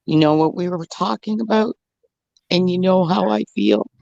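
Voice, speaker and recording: A woman from Canada who joined the stream, talking in a calm, reassuring way to a friend. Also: fairly low pitch, moderate pace, creaky, no echo, muffled recording. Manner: reassuring, comforting.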